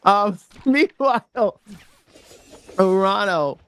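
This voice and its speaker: High-voiced guy casting esports, super animated, jokes around a lot. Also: very slow, smooth. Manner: joking, animated, laughs often. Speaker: esports caster. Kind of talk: playful esports commentary.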